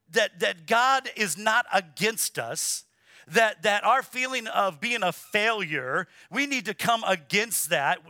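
A pastor with a high, piercingly bright voice preaches a sermon in a church sanctuary, pressing his points hard and repeating words for emphasis. He calls on the congregation to respond. The sound is close and dry, with no echo or room around it.

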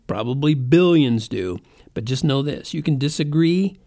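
A man's voice: medium pitch, expressive, normal speed, gravelly, mellow. A middle-aged man hosting his own podcast, rambling conversationally and poking fun at himself. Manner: rambling, self-mocking, conversational. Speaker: podcast host. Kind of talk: casual monologue.

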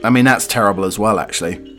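A man's voice: on the low side, fast talker, fairly bright tone, faint music behind. Stuffy-voiced man rambling over news. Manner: rambling asides with many fillers. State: has a cold. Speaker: podcast host. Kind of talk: casual monologue reading news stories.

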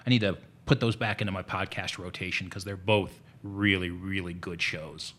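Halting, lower-voiced podcast co-host. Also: male voice, steady tone, a bit bright. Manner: halting, frequent restarts. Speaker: podcast co-host and game master. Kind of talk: casual chat.

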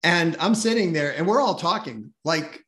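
A middle-aged man, a sales expert guest on a podcast, telling stories in a lively conversational way and acting out the voices of the people he quotes. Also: on the high side, moderate pace. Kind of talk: animated conversational storytelling.

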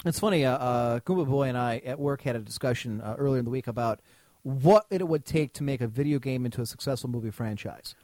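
A man's voice: mid-range voice, quick pace, a little mellow, dry recording. A man co-hosting a podcast in casual chat, ranting and swearing freely. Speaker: podcast co-host.

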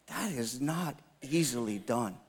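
A man's voice: mid-range voice, animated, measured pace, slightly rough. Storytelling pastor in his fifties, reverberant hall. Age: 50s. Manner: storytelling with self-mocking humor and acted dialogue. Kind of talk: sermon.

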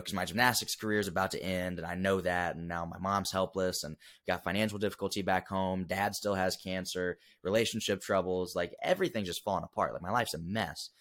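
A man's voice: low-pitched, a bit bright. A young man, a podcast guest, telling a personal story in an earnest, emotional way with many fillers and restarts. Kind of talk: casual storytelling interview.

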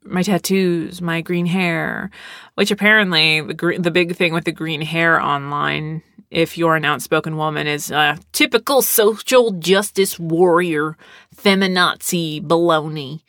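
A woman's voice: low-pitched, flat delivery, unhurried, sharp tone, no room sound, studio quality. A young adult woman hosting a podcast, talking casually in a rambling, sarcastic way with lots of fillers. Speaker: podcast host. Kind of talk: casual solo podcast talk.

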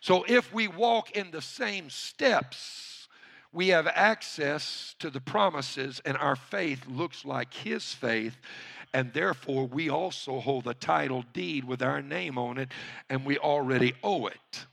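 A man's voice: a little high, takes it slowly, vocal fry, fairly bright tone. A male pastor preaching a sermon who calls on the congregation to respond.

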